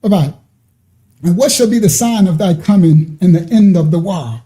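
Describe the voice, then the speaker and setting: A man leads a Bible-study sermon in a high, dark-toned voice. He talks in an emphatic, conversational way, circling back and restarting his sentences as he explains the verses. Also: moderate pace. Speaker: preacher.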